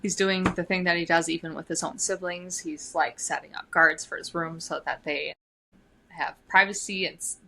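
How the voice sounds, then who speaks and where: A woman's voice: on the low side, steady tone, normal speed, creaky, sharp tone, poor audio. A young woman co-hosting a book podcast, reading passages aloud and commenting on them between readings. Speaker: podcast co-host. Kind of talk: casual book discussion with read-aloud passages.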